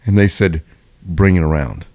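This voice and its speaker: A man's voice: low voice, moderate pace, dark tone. A man co-hosting a podcast, chatting casually and chiming in with details, laughing often. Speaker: podcast co-host. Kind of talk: casual chat.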